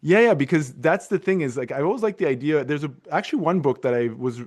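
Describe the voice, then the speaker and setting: A man's voice: fairly high pitch, expressive, quick pace. A middle-aged man hosting a podcast, telling a long story in a casual, rambling way full of restarts and fillers. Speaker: podcast host.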